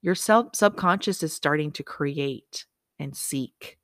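A woman's voice: low-pitched, slow pace, dry recording, clean studio sound. A woman hosting a motivational podcast, chatty and upbeat, often correcting herself and making asides to herself. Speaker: podcast host.

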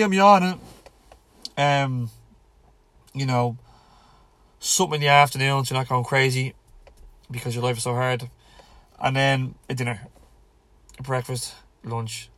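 A man of middle pitch gives a frank talk on diet and fitness as a coach. He is blunt, swears often and drives points home by repeating them. The sound is dry and close, with almost no room echo. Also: a bit bright. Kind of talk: casual monologue.

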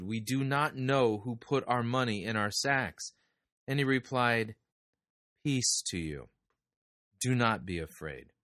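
Male preacher, low voice, dry close sound; reads scripture passages and stops to comment with quiet wonder. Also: dry recording. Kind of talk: sermon with scripture reading.

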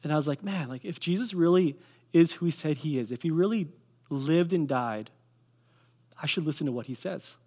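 A man's voice: fairly high pitch, lively intonation, moderate pace, a little mellow. A young man from Canada giving a casual, earnest personal testimony in a sermon, telling his story with fillers.

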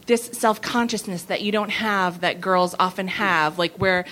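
A woman in her thirties telling a comic anecdote at a live venue, animated and often laughing. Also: medium pitch, a little slow. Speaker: comedy writer guest. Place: live venue before an audience.

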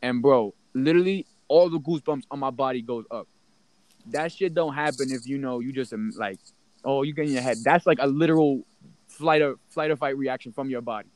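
A young man telling a story in casual chat, in an animated, slang-heavy way. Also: medium pitch, fairly quick.

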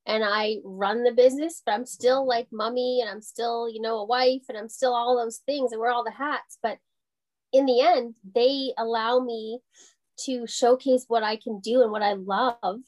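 A woman, a small business owner chatting in an interview, full of fillers and quick laughs. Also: a little high, a little mellow. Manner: chatty, heavy on fillers like "you know", laughs often. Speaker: boutique owner guest. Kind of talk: casual interview chat.

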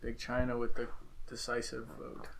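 A man's voice: mid-range voice, completely flat delivery, normal speed, vocal fry, a crowd in the background. A man co-hosting an interview, playful and teasing the guest. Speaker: co-host. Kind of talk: casual interview.

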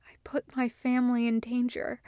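A trembling young man weighed down by guilt, read by a woman, barely above a breath. The voice is clear and high for a man, and it moves slowly. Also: level tone, dry recording, studio quality. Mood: hushed guilt. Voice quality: breathy, hushed.

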